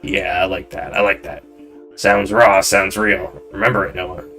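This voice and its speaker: A man voicing a loud, arrogant male film director who shouts and talks down to people. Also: lowish voice, very animated, measured pace, gravelly, faint music behind, heavily acted. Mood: brash, condescending. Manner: shouting, condescending, brash.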